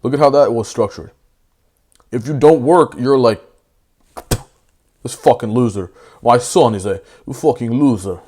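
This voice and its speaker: A young man in a heated casual debate, brash and profane, full of slang, swinging between loud outbursts and fast asides. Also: on the low side. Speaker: debate panelist.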